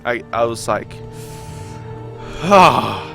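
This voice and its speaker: Young Kiwi streamer, New Zealand accent, mid-pitched and easygoing, chatting over loud game music. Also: male voice, moderate pace. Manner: relaxed, rambling, laughs often. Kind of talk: casual chat while playing, reading out chat.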